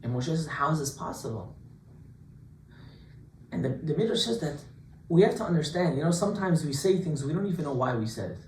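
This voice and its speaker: Rabbi guy teaching a class, jokey, lots of questions, voice on the high side, echoey room far from the mic. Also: quick pace. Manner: lively, joking, full of rhetorical questions. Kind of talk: informal Torah class. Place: classroom with students. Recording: echoey room, distant mic, faint hiss.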